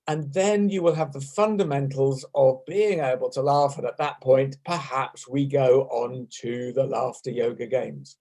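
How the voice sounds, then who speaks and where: A man with an English accent leading an online laughter yoga class over a video call, playful and self-mocking, demonstrating laugh sounds out loud. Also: fairly high pitch, moderate pace. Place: home room on a video call.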